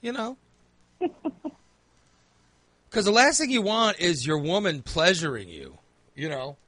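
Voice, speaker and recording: Husky animated man telling crude stories. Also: sits high, a little slow, dry recording. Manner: animated, acts out quoted lines in a raised voice. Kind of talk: crude comedic storytelling chat.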